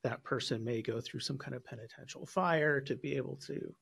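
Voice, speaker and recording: A man's voice: medium pitch, fairly quick, creaky, fairly bright tone, breathy edge. A man hosting an interview, talking casually and thinking aloud with hesitation. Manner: thoughtful, hesitant. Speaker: podcast host.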